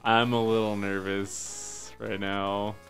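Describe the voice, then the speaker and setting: A man streaming a game live, cursing and talking to himself, swinging between loud high yelps and low muttering. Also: little pitch movement, slow, soft background music. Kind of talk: live gameplay commentary.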